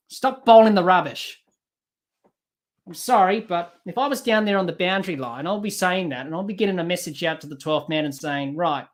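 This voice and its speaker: A man's voice: high voice, fairly bright tone. A man hosting a live cricket watch-along podcast, calling the play and scolding the team in frustration. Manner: exasperated, scolding players and selectors directly. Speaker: podcast host doing live cricket commentary.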